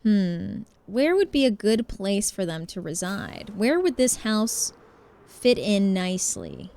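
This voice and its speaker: A woman's voice: mid-range voice, very animated, slow, vocal fry, mellow. Chatty woman streamer, New Jersey accent. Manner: chatty, reads chat aloud and greets viewers. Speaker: live streamer. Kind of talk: casual live-stream chat while playing a game.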